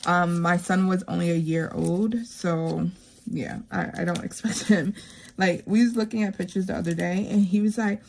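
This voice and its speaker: A woman in her thirties chatting casually while stuffing savings envelopes, rambling and heartfelt, with lots of fillers and softly counted money. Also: lowish voice, fairly even intonation, normal speed, creaky, a little hiss or hum. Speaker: savings vlogger.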